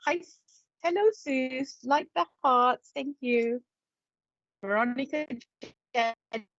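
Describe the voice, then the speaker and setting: An English psychic medium and spirit artist hosts a live stream, greeting viewers by name in a chatty, playful way and laughing often. Her voice sits high and is creaky, and she speaks slowly. The audio is dull, with no echo.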